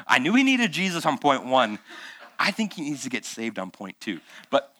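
A man's voice: mid-range voice, big pitch swings, brisk, bright, forceful tone. A male pastor preaching a conversational sermon, firing off rhetorical questions and acting out the voices he quotes, after months of illness. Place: church.

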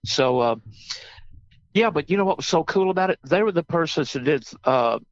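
Older Southern man, lively raconteur, fairly high voice, dry muffled sound. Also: normal speed, no room sound. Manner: animated, excitable storyteller with exclamations. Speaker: interview guest. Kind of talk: casual storytelling interview.

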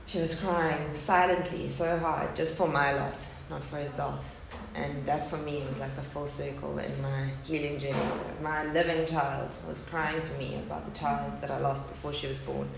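A thirty-something woman offers an earnest, candid testimony of loss at a faith gathering, her low-pitched, creaky voice flat and at normal speed with hardly any pauses. The hall is echoey, carrying a faint background hum and a live audience.

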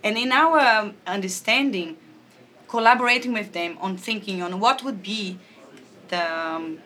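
A woman's voice: mid-range voice, a little slow, pushed and bright. A woman filmmaker answering interview questions in a thoughtful, somewhat hesitant way.

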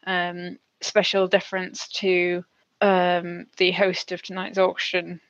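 A woman's voice: fairly low pitch, completely flat delivery, slow, no echo, highs cut off. A woman playing a tabletop game, speaking politely with many stammers and restarts. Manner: polite, hesitant, stammering in character. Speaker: player. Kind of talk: tabletop role-play.

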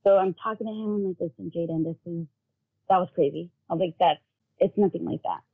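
A woman's voice: fairly low pitch, quick pace, gravelly. A woman telling an emotional story about her son in casual chat, acting out the voices of the people in it. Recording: phone-like narrow sound.

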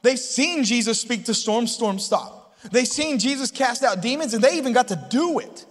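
High-voiced preacher in a big hall. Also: male voice, lively intonation, normal speed. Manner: conversational, storytelling, asks the crowd often. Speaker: pastor. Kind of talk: sermon. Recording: long hall reverb.

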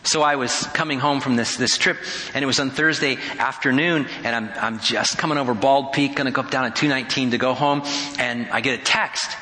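A man's voice: mid-range voice, steady tone, fairly quick, bright, forceful tone, echoey room, big-room sound. A man preaching as a pastor, telling a story in a conversational way and acting out the dialogue. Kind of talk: sermon.

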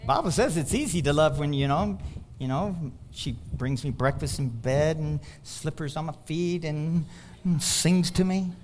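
A pastor with a high voice preaches a sermon a little slowly, telling stories packed with quoted dialogue. He grows animated and rises to near-shouts on his main points. Slight background noise can be heard.

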